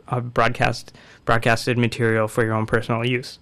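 A man in casual discussion, explaining a court case in a measured way with frequent fillers. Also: mid-range voice, monotone, gravelly, fairly bright tone, smooth, no echo.

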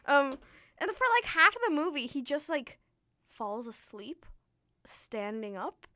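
A young woman chatting on a radio show, animated and laughing, acting out voices as she retells a story. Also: high voice, a little slow, no room sound, clean studio sound. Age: young adult. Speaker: co-host. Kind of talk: casual chat.

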